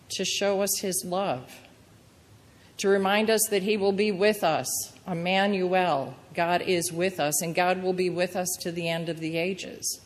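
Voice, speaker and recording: A woman preacher giving a sermon in an earnest, gentle storytelling manner. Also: lowish voice. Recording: reverberant church hall.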